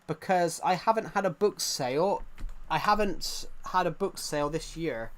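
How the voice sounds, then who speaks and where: A man's voice: fairly high pitch, normal speed, a bit bright. A man chatting casually to viewers during a gaming live stream, rambling and joking as he plays.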